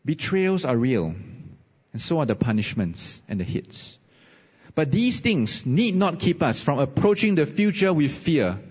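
A man preaching a sermon and telling a personal story, animated with rising emphasis. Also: on the high side, a little slow. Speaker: pastor. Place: church hall. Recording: husky voice, dull sound, long reverb.

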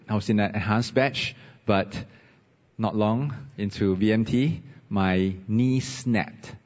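A man preaching a sermon and telling a personal story, animated with rising emphasis. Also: on the low side. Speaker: pastor. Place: church hall. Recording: husky voice, dull sound, long reverb.

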